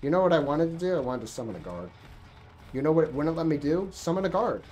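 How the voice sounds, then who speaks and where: A woman streamer talking to herself through a game, profane and animated, thinking aloud. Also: low voice, fast. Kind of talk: gaming livestream commentary.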